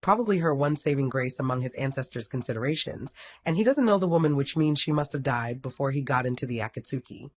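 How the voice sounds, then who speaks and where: A man's voice: medium pitch, animated, quick pace. A man reading a fan fiction story aloud in a wry, casual storytelling manner. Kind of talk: audiobook narration. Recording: dull lo-fi recording.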